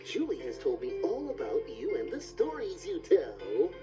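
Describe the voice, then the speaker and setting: An actor playing a friendly, upbeat purple dinosaur who greets a guest with a goofy, welcoming voice. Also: male voice, fairly high pitch, huge pitch swings, moderate pace, distant mic. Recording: dull TV soundtrack with music.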